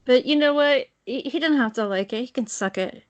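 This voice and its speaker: A woman's voice: high voice, a little fast, no room sound, dull audio. A woman co-hosting a fan podcast, chatting casually and animatedly, swearing and laughing often. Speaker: podcast co-host. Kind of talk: casual chat.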